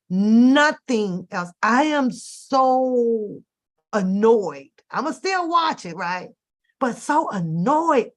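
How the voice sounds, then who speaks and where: A woman hosting a casual live stream, speaking. She talks in an animated, exasperated way and rants about whatever annoys her, with plenty of profanity. Her delivery is loose and conversational, like she is talking straight to her viewers. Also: on the high side. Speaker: host.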